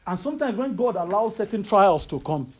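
A man with a Nigerian accent preaching a sermon, telling a personal story in an animated, rising voice. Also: high-pitched, fairly quick. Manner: animated, rises to loud excited storytelling.

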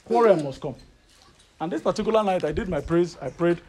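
A man with a Nigerian accent preaching a sermon, telling a personal story in an animated, rising voice. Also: sits high, a little fast, a crowd in the background. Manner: animated, rises to loud excited storytelling.

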